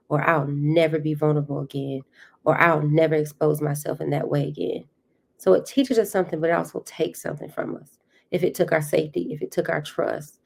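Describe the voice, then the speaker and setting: A woman's voice: deep voice, vocal fry, darkish tone. A woman hosting her own podcast, speaking in an earnest, reflective monologue and repeating key phrases for emphasis. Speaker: podcast host.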